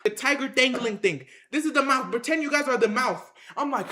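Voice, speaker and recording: A high-voiced storyteller spins a wild adventure for the viewers, full of slang and constant filler. The voice bounces off the walls of an echoey room as they shout out sound effects and repeat lines for emphasis. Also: brisk. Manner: excited, acts out the action with sound effects and shouts. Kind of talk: animated tall-tale storytelling to viewers.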